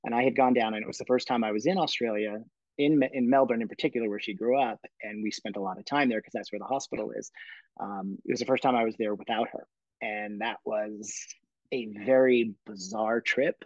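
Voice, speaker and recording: A man's voice: on the low side, fairly even intonation, a little fast, darkish tone, no echo. A man speaking as an interview guest, telling personal stories in a rambling, emotional way with many fillers and restarts. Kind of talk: casual storytelling interview. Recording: slightly dull lo-fi sound.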